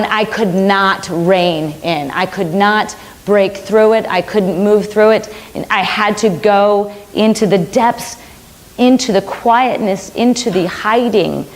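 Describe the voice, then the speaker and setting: A middle-aged woman minister giving a sermon, telling a personal story earnestly and repeating phrases for emphasis. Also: mid-range voice.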